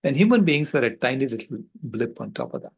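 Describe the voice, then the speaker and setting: An older man on a video call, giving a passionate, earnest storytelling talk with halting restarts. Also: mid-range voice, very animated, vocal fry, husky, rough recording. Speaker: conference speaker.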